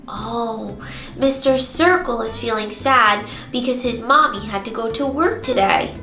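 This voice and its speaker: A young woman teaching toddlers in a bright, high voice, drawing out every word in a slow sing-song. Her voice rings in an echoey room, with clear music playing behind her. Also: animated. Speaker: preschool teacher. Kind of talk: children's circle time lesson with songs.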